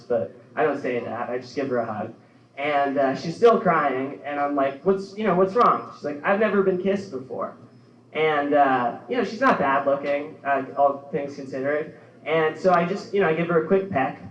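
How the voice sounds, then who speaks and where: A young man in his twenties doing a stand-up set in a small club, rambling and deadpan, often laughing at his own jokes. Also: a little high. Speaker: stand-up comedian. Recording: roomy, distant, dull club recording. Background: club room.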